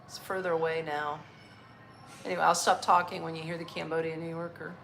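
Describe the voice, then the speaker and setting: A woman's voice: low voice, little pitch movement, a little fast, gravelly, fairly bright tone, slight background noise. Blunt, swearing middle-aged American woman. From United States. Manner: blunt, swears freely, laughs often. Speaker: vlogger answering live chat. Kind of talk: casual live-stream chat.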